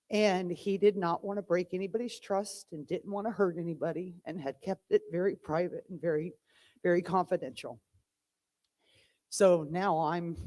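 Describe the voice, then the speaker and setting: A woman's voice: on the low side, a little mellow. A woman giving a heartfelt, emotional eulogy for her father at a church memorial service. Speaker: eulogy speaker, daughter of the deceased.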